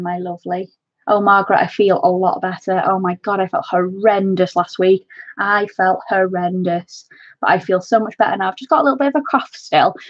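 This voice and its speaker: A Welsh woman at a middling pitch chats her way through a craft live stream, calling viewers "my lovely". The sound is dry and close, with a slightly dull, muffled top end. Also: slightly rough, no echo. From North Wales. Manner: chatty, calls viewers "my love" and "my lovely". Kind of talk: casual live-stream chat.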